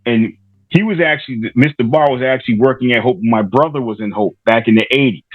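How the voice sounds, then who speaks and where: A man's voice: medium pitch, fast talker, no echo, narrow, tinny audio. A middle-aged man from Rhode Island, a podcaster guest telling stories casually and loosely, with many fillers and restarts. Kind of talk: casual interview storytelling.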